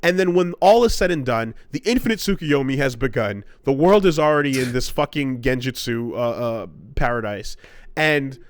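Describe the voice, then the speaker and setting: A man's voice: mid-range voice, expressive, normal speed, no echo, studio quality. A man ranting in casual podcast chat, telling a rambling, profane story. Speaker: podcast co-host.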